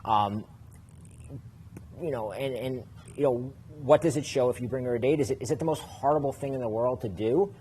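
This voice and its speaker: A man's voice: mid-range voice, a little fast, dark tone. Man coaching on dating, faint background noise. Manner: explains at length, many fillers and restarts. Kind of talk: casual podcast chat.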